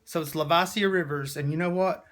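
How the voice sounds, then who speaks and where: A man's voice: on the high side, steady tone, brisk, fairly bright tone. A man speaks in a slightly raised register, talking straight to his viewers. He sounds emotional and preachy as he delivers a heartfelt personal monologue, leaning on "y'all" as he goes. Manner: emotional, preachy, Southern-style "y'all" talk. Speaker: vlogger.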